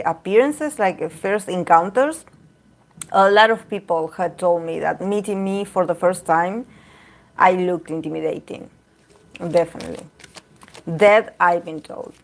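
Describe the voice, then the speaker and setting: A woman's voice: mid-range voice, a little hiss or hum. A woman talking casually and candidly about herself, rambling with many fillers and restarts. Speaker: tarot reader. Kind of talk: casual talk to camera.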